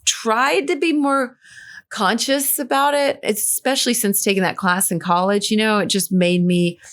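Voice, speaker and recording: A woman hosting a podcast, talking in a thoughtful, gently empathetic way in reflective casual conversation. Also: a little high, moderate pace. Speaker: podcast host.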